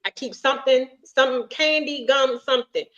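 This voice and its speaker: A woman's voice: high-pitched, normal speed, a bit bright, dull audio. A woman co-hosting a casual chat podcast, ranting bluntly and often restarting her sentences. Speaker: podcast co-host.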